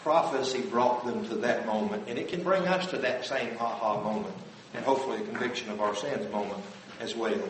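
A man's voice: mid-range voice, a little fast, slight background noise. Earnest guy teaching a bible class, lots of can't you questions, far off mic in a super echoey hall. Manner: earnest, with frequent rhetorical questions. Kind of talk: conversational Bible lesson. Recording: very echoey room from a distant mic.

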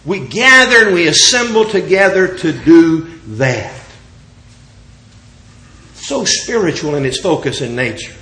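Preacher, male, slightly high-pitched, measured scripture reading with strong emphasis. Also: pushed and bright. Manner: reads scripture slowly with rising and falling emphasis. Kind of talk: sermon.

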